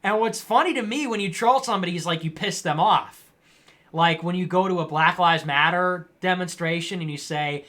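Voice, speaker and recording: A man with a high, sharp voice hosts a political commentary livestream in a casual style. Speaking at a moderate pace, he reads out viewers' comments and replies mockingly and sarcastically.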